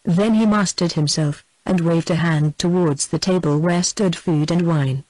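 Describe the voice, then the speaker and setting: A man narrating a historical novel aloud, in a steady, measured reading voice. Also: a little high, dry recording, rough recording. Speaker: audiobook narrator. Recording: dry close studio sound.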